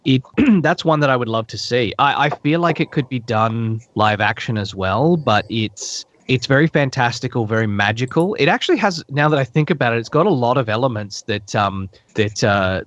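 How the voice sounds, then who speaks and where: A man, a voice actor, answering interview questions in a thoughtful, rambling way, often restarting his sentences and pausing on fillers. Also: fairly low pitch, a bit bright, dry recording, highs cut off. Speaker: voice actor guest.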